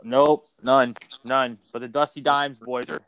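A man's voice: medium pitch, steady tone, a little slow, a bit bright, clean tone, no echo. A man co-hosting a casual podcast chat, rambling and swearing, with many restarts. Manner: rambling, profane, frequent restarts. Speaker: podcast co-host.

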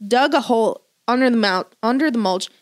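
A woman's voice: fairly high pitch, a little fast. Woman, podcast co-host, casual rambling storyteller, curses a lot. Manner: rambling storytelling, swears freely. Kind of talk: casual chat.

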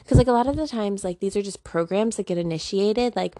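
A woman's voice: mid-range voice, brisk, hardly any pauses, mellow, no room sound, clean studio sound. A woman giving a casual, chatty self-help monologue, full of slang and filler words. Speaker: spiritual self-help vlogger. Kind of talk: casual talking-to-camera monologue.

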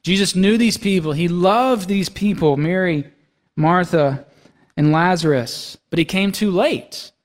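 A male pastor with a notably high voice preaches a conversational sermon, often turning to his listeners with quick check-ins. His voice rings out with a long reverb through a church sanctuary. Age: young adult to middle-aged, has young kids. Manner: conversational, asks the congregation "right?" and "okay?".

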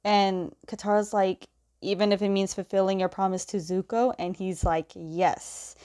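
A woman casually retelling the scenes of a comic, quoting the characters' lines with fillers and quick self-corrections. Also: medium pitch, steady tone, darkish tone. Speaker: comic recap host. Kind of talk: casual story recap.

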